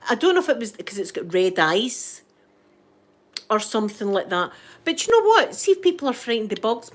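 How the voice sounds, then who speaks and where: A middle-aged Scottish woman hosting a live stream, chatting casually and greeting viewers by name. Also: fairly high pitch. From Scotland. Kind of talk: casual chat.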